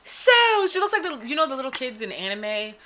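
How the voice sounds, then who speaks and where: A woman co-hosting a casual spiritual podcast, talking in an animated way that swings into loud laughing outbursts. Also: a little high, brisk, over a noisy crowd. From United States. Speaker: podcast co-host and spiritual advisor. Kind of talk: casual chat.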